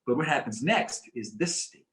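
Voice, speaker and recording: A man presenting a community talk on coping with stress, explaining in a calm, measured way and repeating key phrases. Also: medium pitch. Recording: roomy echo.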